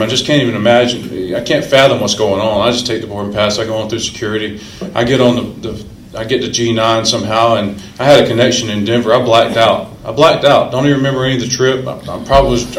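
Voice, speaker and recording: A man's voice: mid-range voice, steady tone, fast talker, a little hiss or hum. Earnest man telling his recovery story. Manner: earnest, emotional, repeats phrases for emphasis. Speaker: recovery meeting speaker. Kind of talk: personal recovery story told to a meeting. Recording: echoey room.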